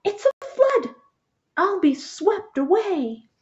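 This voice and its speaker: A woman voicing a small, earnest young male bullfrog in a storybook, high and excitable. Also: slow, muffled recording, heavily acted. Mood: panicked.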